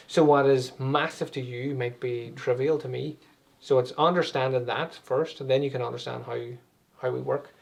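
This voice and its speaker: A man's voice: mid-range voice, fairly even intonation, normal speed, creaky, a little mellow. A man, an anxiety and meditation coach, explaining things conversationally with everyday examples as an interview guest.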